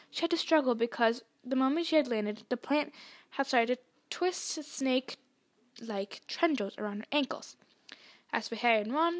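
High-voiced woman reading a story aloud. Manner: expressive storytelling. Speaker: podcast reader. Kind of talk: audiobook narration.

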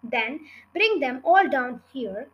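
A woman voicing a clever, confident male fox in a storybook reading, speaking in a bright, reassuring voice. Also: high voice, animated, slow pace, dull audio, heavily acted. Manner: reassuring, sly.

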